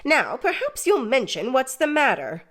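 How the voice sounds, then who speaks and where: High, snappish, bossy sister, as a woman narrator puts her on for an audiobook. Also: wildly swooping pitch, normal speed, full character voice. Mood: scolding. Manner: sharp, scolding. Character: sharp-tongued bossy older sister, shrill.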